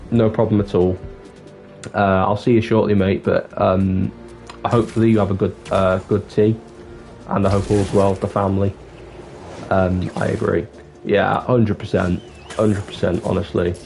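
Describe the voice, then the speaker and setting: A man's voice: fairly low pitch, level tone, moderate pace, gravelly, darkish tone. A man chatting candidly on a livestream, rambling and swearing now and then. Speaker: live streamer. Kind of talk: casual livestream chat. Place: dark room with the light off. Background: music.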